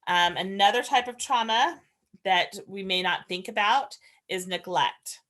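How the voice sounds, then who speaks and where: A woman's voice: mid-range voice, measured pace, fairly bright tone. A woman giving an earnest, conversational training lecture as a foster parent trainer, explaining ideas and sharing stories from her own home.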